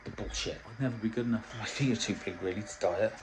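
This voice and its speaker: A man's voice: mid-range voice, huge pitch swings, quick pace, hardly any pauses, background noise. A middle-aged man coaching on dieting in a casual vlog, blunt and swearing constantly as he tells stories. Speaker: diet coach.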